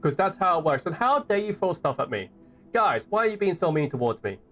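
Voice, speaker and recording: A young man with an Australian accent, talking over a live gameplay stream in a high, bouncy voice that swings up and down. He banters with his viewers and reads the game's notes out loud. Faint music plays behind him. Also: sing-song, a little fast. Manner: chatty, playful, reading game notes aloud and chatting to viewers.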